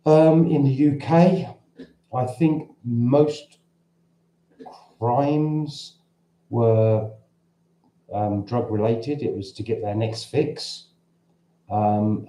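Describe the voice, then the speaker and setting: Dark-voiced Cockney man, rambling chat. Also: fairly low pitch. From London, England. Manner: rambling and conversational, frequent restarts. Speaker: livestream host answering viewer questions. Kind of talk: casual livestream chat. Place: at home in central Portugal. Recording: roomy echo.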